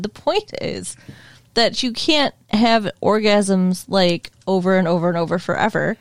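A woman co-hosting a podcast, chatting casually, blunt and expressive, laughing often. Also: medium pitch, a little slow, no echo. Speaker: podcast co-host. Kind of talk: casual chat.

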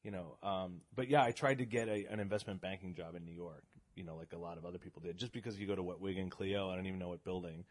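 A middle-aged man from the Boston area telling stories as a podcast guest, animated and often laughing. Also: low-pitched, fast talker, no room sound. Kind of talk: casual podcast conversation.

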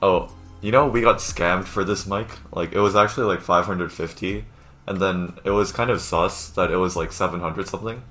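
Young man, low voice, podcast co-host. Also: moderate pace, a bit bright, soft background music. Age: young adult. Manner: chatty, laughing, lots of fillers. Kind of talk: casual podcast chat. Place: at home. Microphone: Zoom call.

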